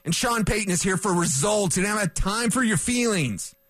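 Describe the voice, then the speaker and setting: In a dry recording, a male sports radio host speaks at normal speed in a high-pitched, expressive voice with a fairly bright tone. His studio rant is fired-up and combative, and he repeats himself for emphasis and punch.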